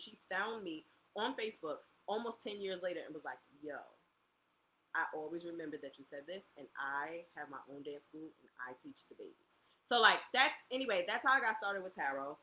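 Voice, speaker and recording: Woman, young, co-host, animated storyteller, acts out quotes, bright tone. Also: low-pitched, a little fast, a little hiss or hum, poor audio. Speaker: podcast co-host. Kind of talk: casual chat. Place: home.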